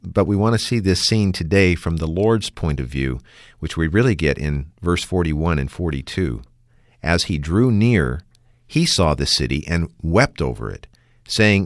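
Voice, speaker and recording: A man's voice: sits low, animated, measured pace, no echo, studio quality. A man hosting a radio Bible discussion, talking in an earnest, reflective way. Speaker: radio program host.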